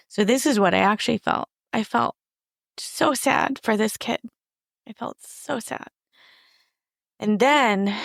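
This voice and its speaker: A woman's voice: lowish voice, gravelly, no echo, studio quality. A woman hosting a podcast, talking reflectively and emotionally while searching for words. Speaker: podcast host. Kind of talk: interview conversation.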